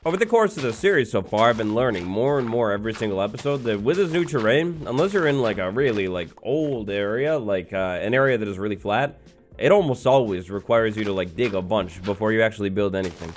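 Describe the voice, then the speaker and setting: A man's voice: fairly low pitch, expressive, fast talker, slight background noise. A young man giving casual, rambling commentary over his own gameplay, joking and filling gaps with "like" and "uh". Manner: rambling, joking, full of fillers and mock-innocent asides. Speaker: let's play host.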